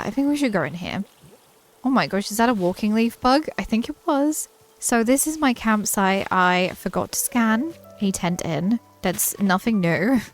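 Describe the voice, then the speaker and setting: Chatty British woman touring a game island. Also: mid-range voice. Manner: chatty, enthusiastic, laughs often. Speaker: gaming channel host. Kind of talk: casual game tour commentary.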